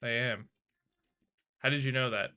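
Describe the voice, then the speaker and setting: A chatty male streamer who talks casually with his viewers and laughs easily. His voice is bright and forward, at an ordinary pitch. His tone is relaxed and conversational. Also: unhurried, clear, resonant tone. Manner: chatty, laughing, talks to viewers and reads their chat aloud. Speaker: live streamer learning to code. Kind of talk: casual live-stream chat.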